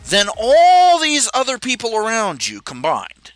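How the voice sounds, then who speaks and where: A man's voice: very high voice, wildly swooping pitch, measured pace, clean tone, dry recording, soft background music, rough recording. A man hosting a casual talk stream, ranting with many restarts and jumping into raised, mocking voices when he quotes his parents. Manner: rambling with restarts. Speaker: podcast host. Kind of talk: casual rant.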